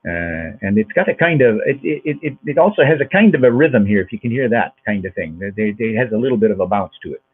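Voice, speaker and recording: A man's voice: lowish voice, expressive, fast talker, few pauses, breathy edge. A male actor and dialect coach, a guest on a video-call interview, talking in a rambling way with many restarts. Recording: tinny lo-fi video call audio.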